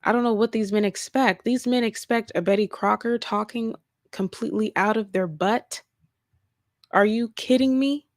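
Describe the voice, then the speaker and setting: A woman's voice: medium pitch, fairly even intonation, normal speed, no room sound, studio quality. A woman hosting casual reaction commentary, talking emphatically and repeating her points. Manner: emphatic, repeats points, laughs mid-sentence. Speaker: commentary host.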